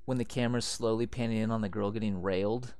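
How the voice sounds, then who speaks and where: A man's voice: on the low side, steady tone, fast, darkish tone, clean tone, no echo. A young man co-hosting a podcast who picks apart movie details and laughs often. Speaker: podcast co-host. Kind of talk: casual chat.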